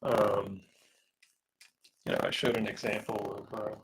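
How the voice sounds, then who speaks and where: A man's voice: on the low side, little pitch movement, measured pace, slightly rough, poor audio. A man streaming a live drawing session, losing his voice from smoke, chatting in a rambling, hesitant way with many fillers and reading out viewer comments. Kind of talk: casual live-stream chat while drawing.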